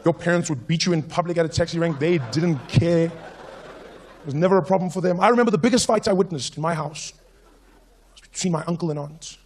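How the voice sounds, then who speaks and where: A young man doing stand-up, telling animated stories. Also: on the high side, fairly quick, a little hiss or hum. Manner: animated storytelling, switches into voices. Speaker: stand-up comedian. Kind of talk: stand-up comedy.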